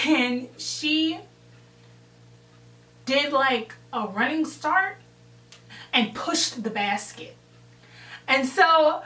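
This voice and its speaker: A young woman with a fairly high, bright voice tells a story in a casual, animated way, swearing freely as she acts out the scene. She takes her time, and the room echoes around her because she sits back from the mic. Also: extremely slow, pauses often, recorded from a distance. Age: young adult. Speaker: vlogger telling a story.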